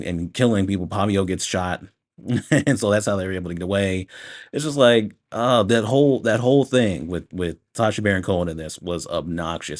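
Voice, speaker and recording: Speaking in a low register, a man delivers a casual, unscripted spoken movie review in a relaxed manner. His talk is a profanity-heavy rant, frequently interrupted by his own laughter.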